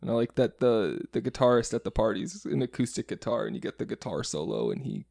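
A man's voice: mid-range voice, very animated, fast talker, vocal fry, a little mellow, dry recording, studio quality. A man hosting a casual film podcast, rambling a little and correcting himself as he goes. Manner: rambling, self-correcting, chuckling. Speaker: podcast host.

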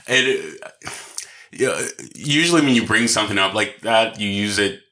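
A man chatting about a film on a podcast, with a fairly low yet bright, forward voice. He talks loosely, with plenty of "like" fillers, and sometimes jumps into the characters' lines. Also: animated, moderate pace. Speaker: podcast co-host. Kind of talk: casual film discussion.

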